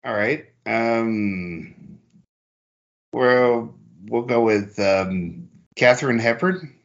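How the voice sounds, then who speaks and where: Slow, gravelly man hesitating over guesses. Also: mid-range voice, muffled recording. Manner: hesitant, thinking aloud with many ums. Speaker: quiz contestant. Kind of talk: casual quiz chat.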